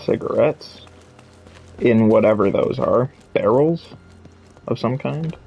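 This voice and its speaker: A man's voice: medium pitch, lively intonation, slow pace, creaky, breathy edge, dull audio, faint music behind. A man streaming a video game, reading items aloud and muttering to himself as he explores. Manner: muttering item names to himself while exploring. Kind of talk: casual gameplay commentary.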